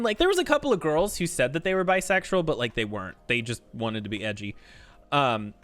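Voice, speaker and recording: A man's voice: fairly high pitch, fairly bright tone. A man streaming a game and chatting casually, telling stories full of fillers and frequent laughter. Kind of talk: casual chat while playing a game.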